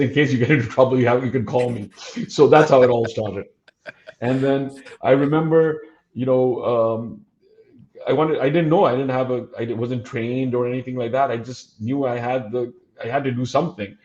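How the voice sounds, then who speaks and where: Animated storytelling man in his fifties. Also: medium pitch, moderate pace, highs cut off, slight background noise. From Dubai. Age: 50s. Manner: animated, acts out quoted dialogue, frequent uh fillers. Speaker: podcast guest. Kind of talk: storytelling in a casual interview.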